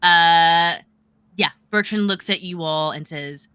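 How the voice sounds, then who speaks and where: Woman game master, casual narration, bright tone, dry sound. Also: on the low side, takes it slowly, smooth, no room sound. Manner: casual, filler-heavy, explains rules.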